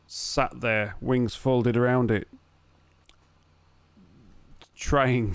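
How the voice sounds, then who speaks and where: A man with a Northern English accent running a tabletop game as dungeon master, narrating scenes in an unhurried way with pauses and fillers. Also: mid-range voice, smooth, no room sound.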